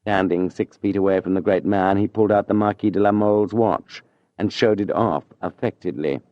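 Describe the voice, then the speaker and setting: A man narrating an audiobook in a measured, even storytelling manner. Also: sits low, no echo, lo-fi sound.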